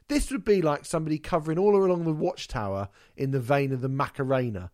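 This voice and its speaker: A man's voice: fairly high pitch, quick pace, darkish tone, slight background noise. A man from England co-hosting a podcast, chatting casually and wryly about an album, swearing freely. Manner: wry, swearing, mimics people in silly voices. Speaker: podcast co-host. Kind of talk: casual chat reviewing an album.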